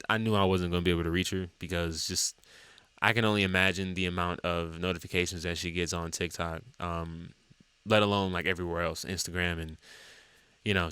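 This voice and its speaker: A man musician talking casually to camera about his songs, rambling with many fillers and sudden jumps up in pitch. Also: bright, forceful tone, clean tone, no echo. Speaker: musician and TikTok creator.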